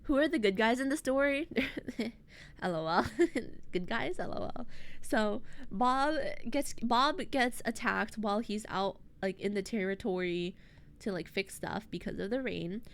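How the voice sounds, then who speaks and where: A woman streaming as a VTuber, recapping a story to her chat in a rambling, animated way, full of fillers and internet slang. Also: medium pitch, unhurried.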